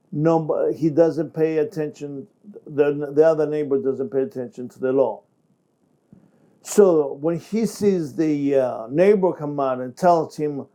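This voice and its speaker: A man coaching actors, talking in a halting way with restarts and slightly broken phrasing. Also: fairly high pitch, warm tone. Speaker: acting coach. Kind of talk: instructional talk to camera.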